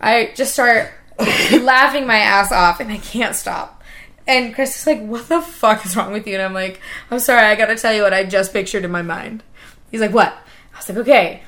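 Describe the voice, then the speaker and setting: Podcast co-host, woman in her forties, crisp bright voice pitched a touch high, rambling anecdotes. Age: 40s. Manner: rambling storyteller, laughs often. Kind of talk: casual chat.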